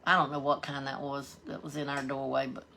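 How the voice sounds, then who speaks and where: Southern woman, live-stream host, gravelly low voice, folksy chatter with viewers. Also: level tone, fairly quick, pushed and bright, slight background noise. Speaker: livestream host. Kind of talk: casual live-stream chat, reading out viewer comments.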